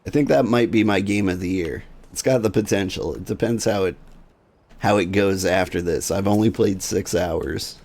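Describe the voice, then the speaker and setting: Brief: male streamer, low gravelly voice, relaxed rambling chat with viewers. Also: moderate pace. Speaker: streamer playing a video game.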